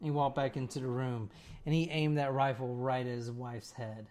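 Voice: mid-range voice, fairly even intonation, moderate pace, a little mellow. A person telling a story to friends in a casual, rambling way, with many "like"s and "right?"s.

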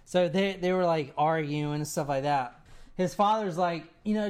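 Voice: mid-range voice, moderate pace, a little mellow. Rambling casual storyteller. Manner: rambling, full of "like" and "right?". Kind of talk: casual storytelling among friends.

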